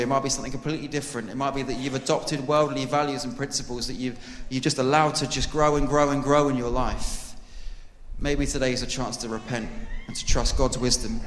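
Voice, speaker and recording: A man's voice: medium pitch, a bit bright, slight background noise. A man preaching a sermon to his church, earnest and conversational, joking with the congregation. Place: church hall. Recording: echoey hall with long reverb.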